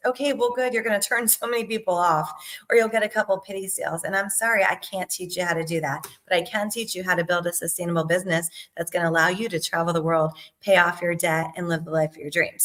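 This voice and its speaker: A middle-aged woman sales coach talking casually to her viewers, animated and emphatic, with frequent "right?" and "okay?" asides. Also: fairly low pitch, brisk. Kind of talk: casual talk to camera.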